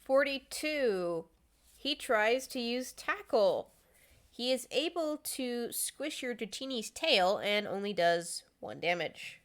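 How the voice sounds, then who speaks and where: Slightly high-voiced woman gm, brisk and blunt, teases her player. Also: sing-song. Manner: brisk, blunt and teasing, with casual swearing. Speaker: game master. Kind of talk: narrating a tabletop game.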